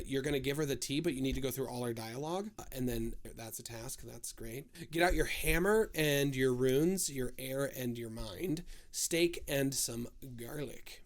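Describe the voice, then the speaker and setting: A man giving a casual game walkthrough, firing off step-by-step instructions with joking asides. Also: mid-range voice. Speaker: streamer giving a game guide.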